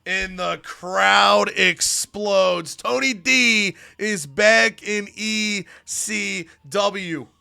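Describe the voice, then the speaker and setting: A man's voice: sits high, drawn-out words, vocal fry, few pauses, sharp tone, clean tone, dry recording, clean studio sound. A man narrating a wrestling management game story with dramatic, commentary-style delivery.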